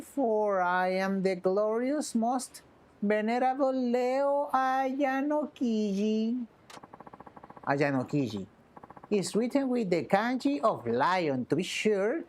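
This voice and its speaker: A woman's voice: mid-range voice, darkish tone. Woman putting on a pompous would-be noble man. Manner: haughty, archaic, grandiose phrasing. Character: pompous self-styled noble man, thirties. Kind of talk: reading game dialogue aloud.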